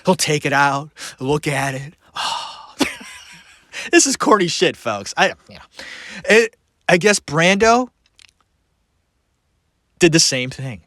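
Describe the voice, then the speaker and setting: A male podcast host talking on his own, his pitch swinging up and down as he laughs and throws in sarcastic asides. His voice sits a little high for a man. The sound is dry and close, with no room around it. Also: big pitch swings, slow, pauses often, fairly bright tone, no room sound. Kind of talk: solo podcast commentary.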